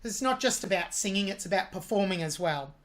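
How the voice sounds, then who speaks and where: A woman's voice: medium pitch, animated, a little fast, a bit bright. A woman hosting a music reaction video, analysing a singer's vocal technique with admiring commentary.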